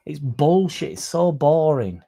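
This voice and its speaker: A man chats on a football fan livestream, reading out viewer comments and answering them. His voice is gravelly with a dark, mellow tone. He rambles, swears freely and keeps things loose and casual. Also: a little high, expressive, unhurried. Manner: swears freely, rambles, mocks critics in a raised put-on voice. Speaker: fan channel host reading live chat.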